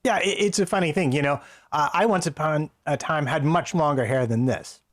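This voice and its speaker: A man with a slightly high voice chats from home in a measured, wry way. His sound is close and dry. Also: no echo. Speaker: podcast co-host. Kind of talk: casual chat.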